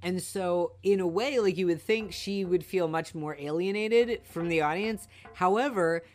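Woman, low voice, casual movie talk, opinionated, lots of fillers. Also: normal speed. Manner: opinionated, many fillers and restarts. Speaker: podcast co-host.

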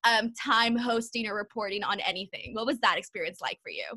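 A woman interviewer with a bright, sharp voice set fairly high, upbeat and encouraging. She asks long, winding questions in an easy, casual way. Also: a little fast.

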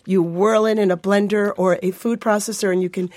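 A woman's voice: medium pitch, steady tone, brisk, a little mellow, no echo. A woman demonstrating grilled vegetable recipes on a talk show, explaining each step patiently and in detail. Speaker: cooking guest.

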